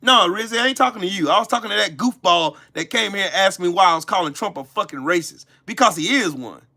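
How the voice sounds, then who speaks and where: A man rants on his live stream, hurling profanity at viewers and calling them out by name. His pitch leaps wildly between loud shouted bursts and low muttered asides. The tone is bright and sharp-edged. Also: expressive, fast talker. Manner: angry, profane, cussing out viewers. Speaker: livestream host. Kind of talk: live-stream rant answering chat.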